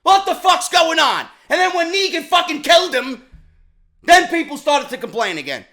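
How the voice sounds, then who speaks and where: A vlog host delivers a profane rant. His voice sits very high and sounds bright and edgy. He swings from shouted outbursts down to low, grumbling asides. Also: sing-song, moderate pace, vocal fry. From New York. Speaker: YouTube show host. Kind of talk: ranting commentary vlog.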